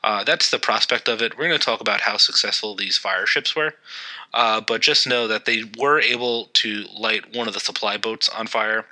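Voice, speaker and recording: A man's voice: fairly low pitch, moderate pace, bright, forceful tone, rough recording. A man hosting a history podcast, narrating events in a loose, conversational way with occasional fillers. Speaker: podcast host.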